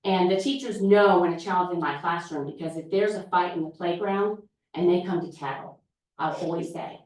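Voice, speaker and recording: Speaking in a fairly low pitch at normal speed, a preschool teacher presents informally to a group. She tells stories with energy, playing out classroom conversations. The recording comes from far off in a large church hall full of echo.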